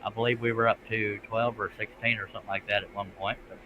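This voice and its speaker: A man's voice: on the low side, flat delivery, fast, highs cut off, noisy background. A man hosting a casual late-night live stream, folksy in his talk. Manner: folksy, says "by God" and "Amen".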